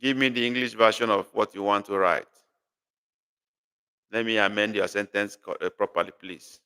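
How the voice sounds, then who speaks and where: A man's voice: fairly low pitch, fairly even intonation, normal speed, sharp tone, smooth. A man teaching a live online language class, patiently repeating and correcting a student's sentences. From Nigeria. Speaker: language tutor.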